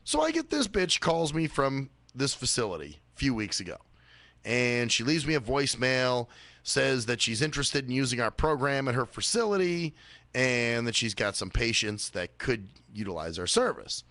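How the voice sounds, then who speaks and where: A man's voice: very animated, moderate pace, pushed and bright, dry recording. A man hosting a small radio show, rambling and swearing a lot in a casual monologue. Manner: rambling, swears a lot, mimics others in high voices.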